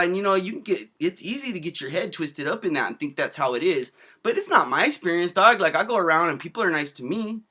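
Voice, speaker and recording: A man in his thirties rambles through casual video commentary in a bright, forceful voice that sits a little high for a man. He talks in loose slang and swears freely. His sentences trail off into fillers and restarts. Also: expressive, fast talker, few pauses. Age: 30s.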